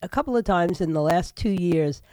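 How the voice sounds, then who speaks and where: A woman's voice: on the low side, lively intonation, normal speed, warm tone, no room sound. Older woman host, nasal and sick. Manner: rambling, chatty monologue with frequent fillers. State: sick with a stuffy nose. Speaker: radio talk show host. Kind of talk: casual talk radio monologue.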